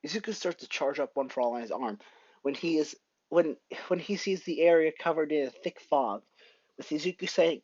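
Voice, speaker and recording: A man casually narrating a fan story, halting often and correcting himself. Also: on the high side, darkish tone, dry recording, lo-fi sound. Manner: halting, with frequent self-corrections.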